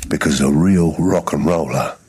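A man voicing a worldly gangster narrator, speaking a film voice-over monologue in a very deep, measured voice over guitar music. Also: darkish tone. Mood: brooding.

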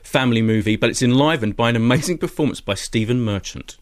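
Fast-talking male film critic. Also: medium pitch. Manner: quick, animated opinions with frequent restarts. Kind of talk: radio chart review chat.

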